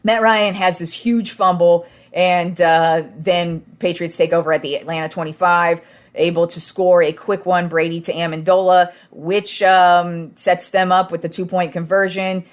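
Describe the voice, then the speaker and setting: Young woman, sports podcast host, slightly low voice, excitable and foul-mouthed. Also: unhurried. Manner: excited, swears freely, acts out players' words. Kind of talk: casual sports talk.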